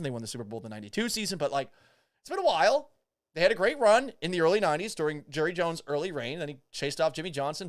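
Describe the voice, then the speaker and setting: A male sports talk host ranting with disbelief and the odd curse. His voice sits a little high and swings widely in pitch as he argues. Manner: animated, profane, incredulous. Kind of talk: casual sports talk rant. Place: Houston.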